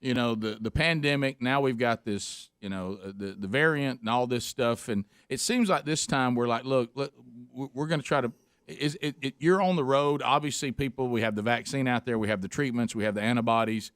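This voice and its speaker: A man's voice: medium pitch, fairly bright tone, clear, resonant tone, no echo, clean studio sound. A man hosting a radio talk show, chatting casually with many restarts. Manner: chatty, stumbling restarts, quick laughs.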